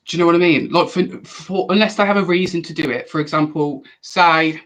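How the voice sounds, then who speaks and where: A young man chatting casually on a live stream, answering viewer questions in a rambling, animated way with frequent restarts. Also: a little high, brisk, rough recording.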